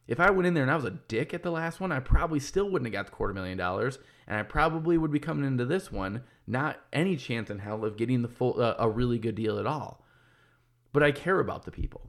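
Talking fast in a medium-pitched, expressive voice, a podcast host and business owner in his thirties rambles through a casual monologue. He's candid and swears a lot, often restarting sentences while thinking out loud.

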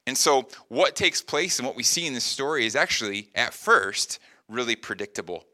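A man's voice: medium pitch, expressive, normal speed, pushed and bright, no echo. A man preaching a sermon in an earnest, conversational way, often checking in with the listeners. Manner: earnest, conversational preaching with frequent "right?" asides. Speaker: pastor.

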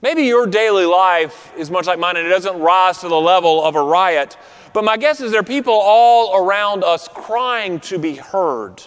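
Pastor, male, high voice, earnest sermon, trailing off soft for emphasis, long church reverb. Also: lively intonation, normal speed, clean tone. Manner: earnest, drops to soft quiet endings for emphasis. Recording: reverberant hall.

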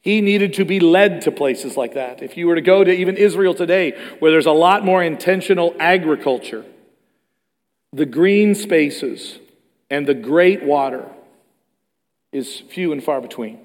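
A pastor delivers a sermon in a voice slightly higher than most men's, with a long reverb echoing through a large church hall. He speaks at a measured pace, and his animated delivery swings between loud, emphatic passages and quiet, hushed ones.

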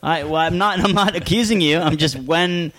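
A man with a fairly high voice, a guest on a casual podcast. He keeps pressing with questions, tripping over repeated words as he goes. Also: normal speed, a crowd in the background. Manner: probing questions with stammered repeats.

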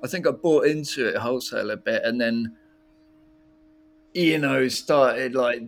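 A man's voice: mid-range voice, a little slow. A man recalling an old music workshop in casual, rambling talk, swearing freely and breaking into laughs. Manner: rambling, swearing, laughing, animated when retelling. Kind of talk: casual conversational storytelling.

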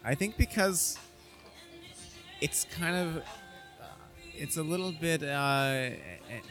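A man, a comedian, talking in a bar in a halting, thoughtful way, searching for words. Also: fairly high pitch, a bit bright, faint music behind. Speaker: comedian guest. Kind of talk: casual bar-room chat. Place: bar, indoors.

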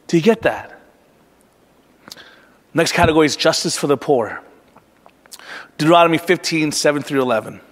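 A man delivers a sermon in an earnest, explanatory way, now and then restarting a phrase. His voice sits high for a man. The sound carries the long reverb of a church hall. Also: lively intonation, moderate pace, long pauses. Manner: earnest, explanatory preaching with some repeated restarts. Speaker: pastor.

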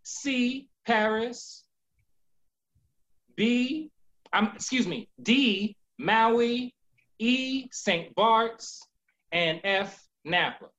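Slow, unhurried woman co-host. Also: fairly high pitch, lively intonation, fairly bright tone, low-quality recording. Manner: unhurried, repetitive. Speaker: podcast co-host asking questions. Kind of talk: casual chat.

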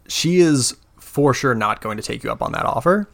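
A man narrates a tabletop role-playing game as its game master. He describes the action in a loose, easygoing way, often pausing with "uh" and "like". His voice is of middling pitch for a man. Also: gravelly. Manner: relaxed, filler-heavy narration with many "like" and "uh".

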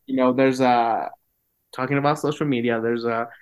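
A podcast guest chatting casually, pausing and restarting while searching for words. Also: medium pitch, steady tone, smooth, highs cut off. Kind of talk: casual chat.

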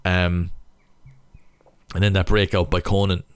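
Irish man, young, low smooth voice, stop-start casual rugby analysis. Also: flat delivery, a little slow, no echo. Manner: stop-start, thinking aloud. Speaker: rugby player analysing match footage. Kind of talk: casual match breakdown commentary.

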